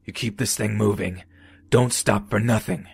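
A man voicing a gruff, weathered male drifter in a horror story, with a gravelly, contemptuous voice. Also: lowish voice, fairly even intonation, moderate pace, no room sound, full character voice. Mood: threatening. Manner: contemptuous, threatening.

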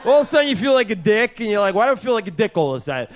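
Picture a loud, hammy cousin from Staten Island trying out stand-up, as a man puts him on. He talks, pitched much higher than the performer's own voice, and keeps baiting the crowd. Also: very animated, racing, slight background noise. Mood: brash. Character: brash male cousin from Staten Island doing clumsy stand-up.

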